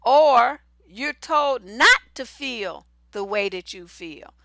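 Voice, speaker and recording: A middle-aged woman, a relationship coach telling a personal story and giving advice in a blunt, profane, animated way. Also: a little high, takes it slowly, creaky, no echo.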